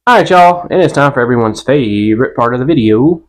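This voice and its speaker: Dude on a podcast, easygoing, just chatting and telling stories. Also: male voice, mid-range voice, lively intonation, fairly quick, slight background noise. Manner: laid-back storytelling with a Southern "y'all". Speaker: podcast co-host. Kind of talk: casual chat.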